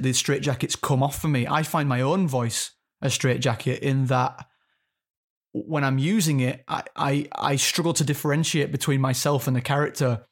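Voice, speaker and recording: A man in his thirties, an actor, talking reflectively in an interview and searching for his words. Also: mid-range voice. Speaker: actor guest. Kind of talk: interview conversation.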